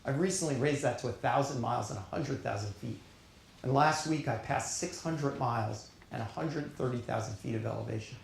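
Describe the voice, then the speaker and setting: A man's voice: medium pitch, gravelly, slight background noise. Earnest New York man in echoey hall. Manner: earnest, emphatic, with deliberate pauses. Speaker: keynote speaker. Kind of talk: conference keynote speech. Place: conference hall on stage.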